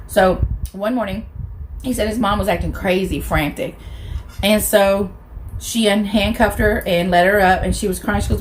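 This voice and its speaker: A woman hosts a mukbang, eating on camera while she tells a true crime story bluntly and colloquially, speaking straight to her viewers. Her voice is medium-pitched with fairly even intonation at normal speed. The recording is low quality, with a little hiss or hum.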